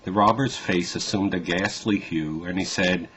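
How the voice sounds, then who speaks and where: A man narrating a simple children's story in a gentle, measured storytelling manner. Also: sits low, steady tone, dull audio, noisy background.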